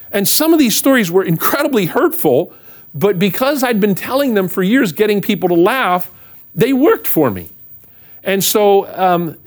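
Middle-aged male pastor, animated self-mocking storyteller, slightly high voice, very lively pitch. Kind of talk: storytelling sermon.

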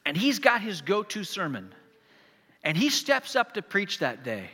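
A man's voice: high-pitched, huge pitch swings, measured pace, pushed and bright, slightly rough, big-room sound. A man preaching a sermon, telling a story vividly and speaking straight to his congregation. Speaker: pastor. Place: church.

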